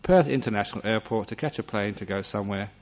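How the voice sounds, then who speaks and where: A man giving a gentle, humorous meditation talk, acting out little scenes as he teaches. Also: fairly low pitch, quick pace. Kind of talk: dharma talk. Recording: dull lo-fi recording.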